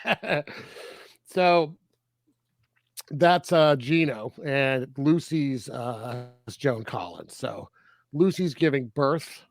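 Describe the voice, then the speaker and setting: A man co-hosting a casual film review podcast, animated, laughing often and swearing freely. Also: mid-range voice, very slow, gravelly, pauses often. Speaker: podcast co-host.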